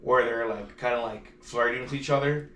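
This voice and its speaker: Bright-voiced man joking in echoey room. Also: medium pitch, steady tone, moderate pace, slight background noise. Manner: profane, laughing, self-mocking. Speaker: podcast co-host. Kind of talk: casual movie review chat. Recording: echoey room, mic at a distance.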